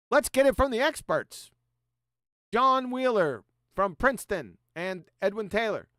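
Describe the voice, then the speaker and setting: A man's voice: high voice, a bit bright, clear, resonant tone, no room sound, clean studio sound. A man hosting a livestream in a combative, sarcastic way, reading quotes aloud and mocking them. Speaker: host.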